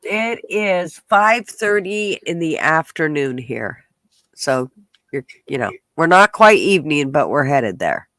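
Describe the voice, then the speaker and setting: Taking it slowly with big pitch swings, a podcast host with a high-side, slightly bright voice chats through a casual livestream, recorded with no echo. He's congested and nasal, rambling along and swearing casually.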